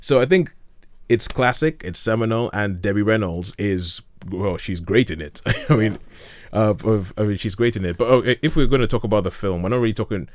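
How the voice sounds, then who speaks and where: A man's voice: fairly low pitch, a little fast, no echo. A man chatting casually about films as a host, enthusiastic and rambling, with frequent restarts. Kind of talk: casual film chat.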